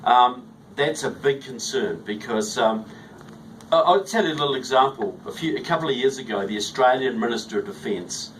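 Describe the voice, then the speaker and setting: A man's voice: mid-range voice, expressive, normal speed, fairly bright tone. New Zealand man, chatty and distant. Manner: chatty, starts answers with "look" and "you know". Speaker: guest author. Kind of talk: radio interview. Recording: distant mic, faint background noise.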